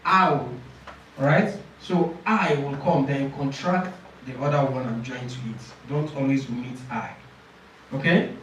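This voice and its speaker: A man's voice: medium pitch, unhurried, a bit bright, slight background noise. A man teaching an IELTS speaking class. He models exam answers, repeats phrases and keeps asking the class if they understand. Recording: very echoey room, speaker far from mic.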